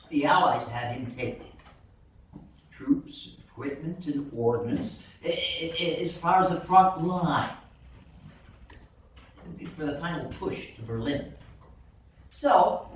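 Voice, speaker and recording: An actor on stage playing an aging war veteran grandfather who tells his story haltingly, stumbling and repeating words. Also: on the high side. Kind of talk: live stage monologue. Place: small theater stage. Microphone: far room camera. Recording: echoey theater from far off, faint hiss.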